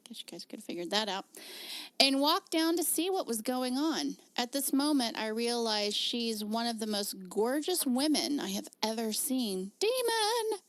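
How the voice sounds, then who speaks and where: A woman's voice: on the high side, animated, moderate pace, dry recording. Giggly chatty woman reading a story. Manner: giggly, chatty, reads aloud with asides. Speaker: podcast co-host. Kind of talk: casual podcast story reading.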